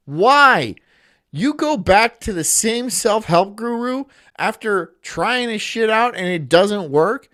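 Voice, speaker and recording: A man's voice: high-pitched, animated, takes it slowly, bright, forceful tone, dry recording, clean studio sound. A man streaming and reacting casually, rambling in a sarcastic way and laughing often.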